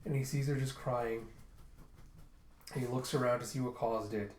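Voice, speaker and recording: A man's voice: medium pitch, fairly even intonation, normal speed, a little mellow, slight background noise. A man casually recapping a manga volume, retelling the scenes in a loose, chatty way with fillers. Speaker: manga reader and reviewer. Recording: roomy echo.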